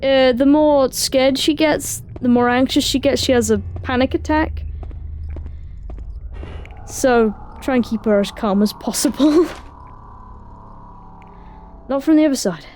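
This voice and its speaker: A woman with a high, light voice talks through a horror game as she plays. She reads the on-screen text aloud and answers it with dry, sarcastic remarks. A faint hiss sits under her voice. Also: unhurried, long pauses, a little mellow. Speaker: let's play gamer. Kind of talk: casual gameplay commentary.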